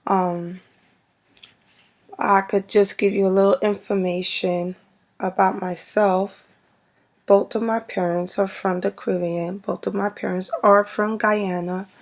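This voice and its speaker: A woman with a Brooklyn New York accent, vlogging casually to camera in an unhurried, rambling way with many fillers. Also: mid-range voice, flat delivery.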